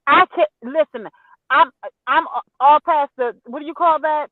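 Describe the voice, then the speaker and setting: A woman guest chatting casually, halting and searching for words. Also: high-pitched, no room sound. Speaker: livestream guest. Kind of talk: casual chat. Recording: tinny phone line.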